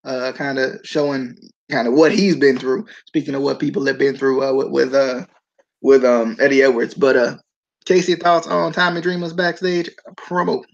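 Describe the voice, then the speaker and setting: A man's voice: medium pitch, little pitch movement, normal speed, creaky, dull audio. A man hosting a wrestling podcast, rambling casually with frequent laughs and restarts. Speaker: podcast host. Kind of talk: casual chat.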